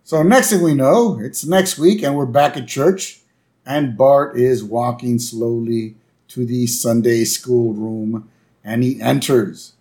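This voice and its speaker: A man with a gravelly, creaky voice chats through a cartoon recap with his co-host. He sits at a middle pitch and tells stories in a loose, conversational way. He acts out the quotes in short, lively voices. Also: takes it slowly. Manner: chatty storyteller, quotes dialogue with voices. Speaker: podcast co-host and teacher. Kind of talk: casual chat recapping a cartoon episode.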